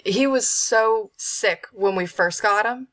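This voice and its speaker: A woman's voice: medium pitch, slow pace, fairly bright tone. Hesitant woman, fillers and restarts. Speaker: voice actor guest. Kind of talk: casual interview chat. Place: at home with a dog.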